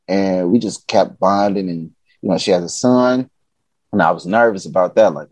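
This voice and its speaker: Low-pitched and unhurried, recorded with no echo, this man from Chicago tells stories as a podcast guest. The talk is loose and animated, a touch profane, with him acting out what people said.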